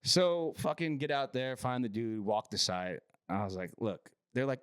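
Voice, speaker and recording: A man on a podcast telling a rough, profane story about a work site, often acting out the other people's lines. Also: mid-range voice, sing-song, measured pace, long pauses, no echo, clean studio sound. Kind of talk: casual storytelling.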